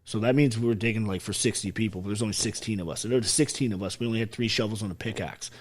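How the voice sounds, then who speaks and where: A man in his thirties, a former soldier from Canada, telling his life story in a casual interview with lots of swearing and animated retelling. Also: on the low side, rapid-fire, husky. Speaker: podcast guest, former soldier.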